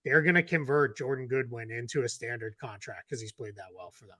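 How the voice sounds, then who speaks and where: Male co-host with a Boston accent, casual analyst, dry close mic, middle pitch. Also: sharp tone, dry recording. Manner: quick, loose analysis with fillers and restarts. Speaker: podcast co-host, basketball analyst. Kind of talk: casual chat.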